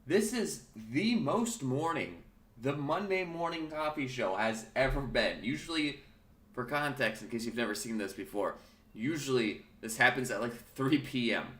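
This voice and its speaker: A man's voice: medium pitch, normal speed, sharp tone, echoey room. Chatty man with a morning voice. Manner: chatty, rambling, self-correcting. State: early-morning voice. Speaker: podcast host. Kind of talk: casual solo talk show.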